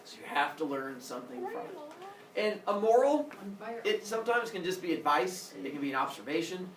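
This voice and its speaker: A man teaching a class, mixing a lecture with comic storytelling, acting out voices and sound effects in an animated, jokey way. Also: sits high, brisk, crowd noise. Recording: roomy echo, mic far off, faint room noise.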